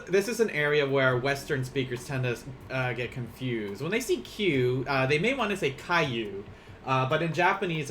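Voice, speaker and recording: A man's voice: mid-range voice, fairly bright tone, slight background noise. A man teaching a casual online language lesson, counting strokes aloud as he writes and joking at his own expense. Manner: chatty, self-deprecating, laughs often.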